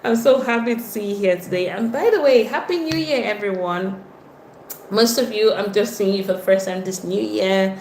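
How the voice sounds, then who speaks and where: A woman's voice: medium pitch, normal speed, roomy sound, a little hiss or hum. A woman from Nigeria with a Nigerian accent, hosting a casual livestream, greeting viewers by name and reading their comments. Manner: chatty, greets viewers by name, lively exclamations. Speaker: livestream host.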